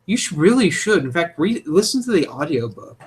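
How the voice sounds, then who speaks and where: A young man with a fairly high voice talks in a casual chat. He is opinionated and animated and cracks crude jokes as he goes. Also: brisk, slightly rough. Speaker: podcast co-host.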